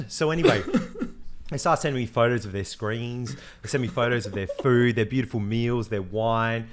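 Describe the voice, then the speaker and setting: A man's voice: mid-range voice, expressive, brisk, a little hiss or hum. A young Australian man from Western Australia, co-hosting a podcast and telling stories with lots of swearing and animation. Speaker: podcast co-host. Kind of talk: casual chat.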